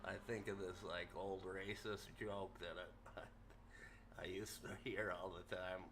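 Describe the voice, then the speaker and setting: A man's voice: low-pitched, little pitch movement, measured pace, a bit bright. A man in casual voice chat with fellow racers, joking and laughing often.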